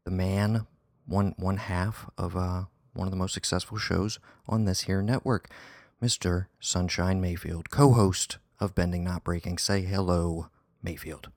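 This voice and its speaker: Guy hosting a movie podcast, real low voice, rambles and restarts a lot, dry close sound. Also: fairly even intonation, a little slow, darkish tone, dry recording. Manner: rambling, hesitant delivery with many false starts. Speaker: podcast host. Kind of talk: casual film review podcast chat.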